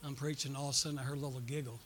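A pastor preaching a conference sermon, telling stories and drawing call-and-response from the congregation with frequent "okay?" and "amen?" checks. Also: male voice, mid-range voice, flat delivery, rapid-fire, a bit bright, slight background noise. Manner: storytelling with audience call-and-response.

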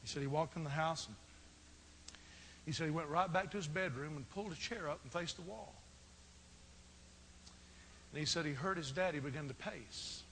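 A man preaching a sermon, retelling a story with dramatic, drawn-out delivery. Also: on the high side, bright, forceful tone, a little hiss or hum, rough recording. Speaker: pastor.

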